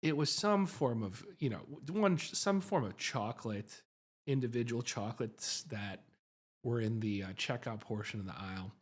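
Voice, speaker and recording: A man's voice: mid-range voice, normal speed, slightly rough. A man, a psychiatrist hosting a livestream, telling a story in a chatty, self-mocking way and often asking "right?".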